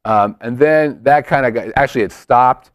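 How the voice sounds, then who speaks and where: A man's voice: mid-range voice, normal speed, no echo, clean studio sound. A man hosting a casual chat show, joking around and rambling with self-mocking asides. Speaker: host.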